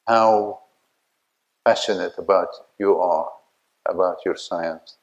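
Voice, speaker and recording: An older man giving an academic lecture in a slow, halting way with many fillers, sometimes asking the audience questions. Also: low-pitched, rough recording. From Egypt.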